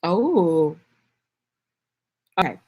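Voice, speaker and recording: A woman's voice: on the low side, sing-song, very slow, darkish tone. A woman hosting a casual livestream, chatty and laughing, talking straight to her viewers. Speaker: livestream host selling an online course. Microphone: phone.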